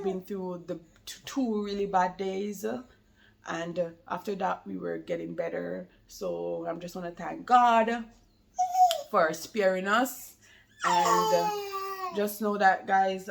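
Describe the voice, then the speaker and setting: A woman's voice: fairly low pitch, vocal fry, slight background noise. A woman chatting casually to camera about being a new mother, rambling and laughing often, with a slight lingering cold.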